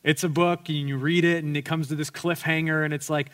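Male pastor, sermon delivery; earnest storyteller, light self-deprecating humor, voice a touch high. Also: flat delivery, brisk, fairly bright tone.

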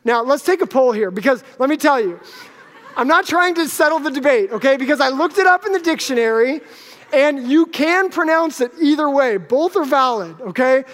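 A man's voice: very high-pitched, animated, normal speed, a bit bright. A male pastor preaching a sermon to a live congregation, conversational and joking with the audience. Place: church sanctuary with live congregation. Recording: long hall reverb.

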